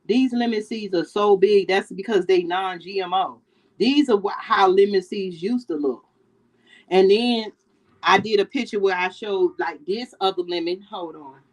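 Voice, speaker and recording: In this casual cooking vlog, a podcast host, a middle-aged New Yorker, talks with viewers over the stove and laughs frequently. Her mid-range voice runs a little slow.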